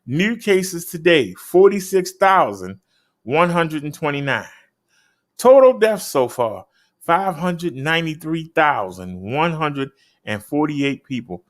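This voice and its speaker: A man's voice: big pitch swings, slow pace. A man hosting a casual show, reading out daily figures and chatting. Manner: emphatic, swoops up high on key numbers. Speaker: host.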